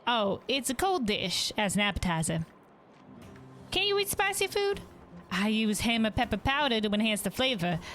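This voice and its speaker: A woman's voice: fairly high pitch, very animated, moderate pace, a little hiss or hum. A woman voicing a cheerful hotel cook. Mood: eager. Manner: bright, eager, hospitable read-aloud. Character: cheerful young woman hotel cook, proud of her dishes. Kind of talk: reading game dialogue aloud.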